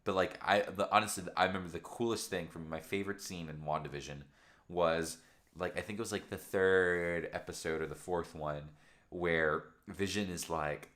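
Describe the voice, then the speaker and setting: A young man hosting a late-night livestream at home, rambling excitedly about shows in casual chat through a camera microphone. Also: normal speed. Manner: excited, rambling fan chatter with lively swings in pitch. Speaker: livestream host.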